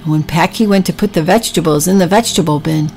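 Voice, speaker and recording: A woman narrating a children's story with gentle, drawn-out emphasis. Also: lowish voice, soft background music, rough recording.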